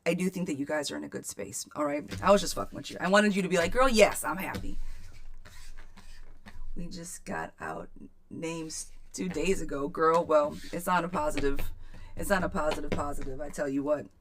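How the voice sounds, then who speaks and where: A woman's voice: sits low, lively intonation, fairly quick. A woman giving a chatty live-stream tarot reading, reading viewers' questions aloud and calling them girl and friend. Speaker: tarot reader.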